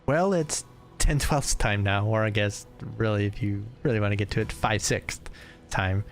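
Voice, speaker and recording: A man's voice: on the low side, normal speed, soft background music. A man streaming a game, rambling and joking as he plays. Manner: rambling, joking, reads lines aloud. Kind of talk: gameplay commentary.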